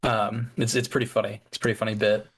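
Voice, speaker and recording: A man's voice: fairly low pitch, level tone, fast talker, slightly rough. A man co-hosting a podcast in casual chat, easygoing, with fillers and restarts. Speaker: podcast co-host.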